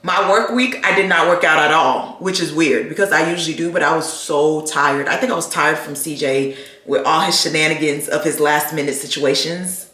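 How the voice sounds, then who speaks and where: A woman with a deep, husky voice vlogs casually into her phone camera. She's animated and chatty, calling her viewers "baby" and "child."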